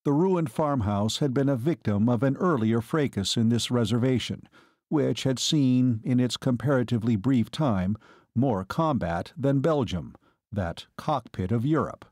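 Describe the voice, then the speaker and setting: A man reads a war story aloud in an even, measured way. His voice sits at an ordinary pitch for a man. The recording is close and dry, with no room sound. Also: dry recording. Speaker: audiobook narrator. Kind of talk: scripted narration.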